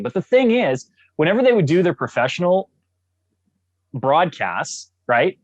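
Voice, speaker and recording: A man from Canada, a guest on a podcast, telling stories in a jovial, enthusiastic, animated way. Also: on the high side, measured pace, no echo, highs cut off. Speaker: guest, actor. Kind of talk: casual podcast interview.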